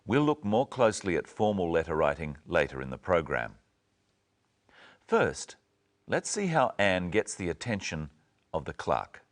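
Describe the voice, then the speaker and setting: Man, very low voice, wide-ranging intonation, scripted lesson narration, slow clear teaching. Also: wildly swooping pitch. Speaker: presenter.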